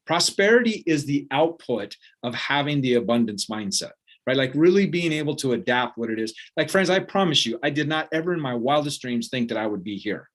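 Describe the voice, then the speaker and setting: A motivational speaker with an expressive mid-range voice talks briskly and earnestly, keeping it conversational. He keeps checking in with his audience, sprinkling in "right?" and "like."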